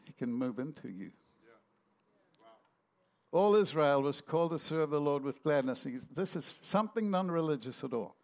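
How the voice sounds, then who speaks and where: A man's voice: on the high side, a little mellow. A man preaching a sermon, telling stories animatedly and acting out the voices in them.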